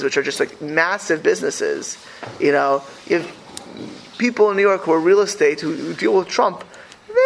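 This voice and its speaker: High, gravelly man talking animatedly. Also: slight background noise, poor audio. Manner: animated, rambling, heavy with fillers and restarts. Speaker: speaker. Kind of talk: casual talk on religious community life.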